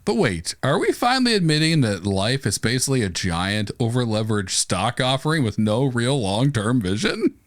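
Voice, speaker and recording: Theatrical, lively male podcast co-host. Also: medium pitch, moderate pace, hardly any pauses, no room sound, studio quality. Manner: theatrical, laughs easily. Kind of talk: comedic scripted banter.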